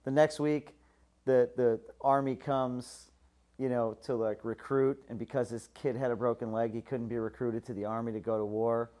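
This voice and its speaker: A man hosting a podcast in casual chat, acting out quoted voices with big jumps in pitch. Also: fairly even intonation, normal speed, warm tone.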